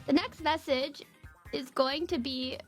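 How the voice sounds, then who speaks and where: Woman, streamer host, very high voice, giggly, excitable, casual chat, faint music. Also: a little slow. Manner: giggly, laughs often, excitable.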